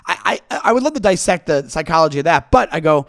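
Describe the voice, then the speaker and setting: Man with a high-set storytelling voice. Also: animated, fast, vocal fry, a bit bright. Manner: acts out other people's lines in put-on voices. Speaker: comedian telling a story. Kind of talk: casual comedic storytelling. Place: podcast studio.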